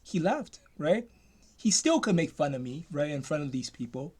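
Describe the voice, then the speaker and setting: A man with a notably high voice rants into his own video. He talks emphatically, circling back and repeating himself, often restarting his sentences. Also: big pitch swings, moderate pace, darkish tone, slightly rough. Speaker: commentator. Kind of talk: ranting commentary.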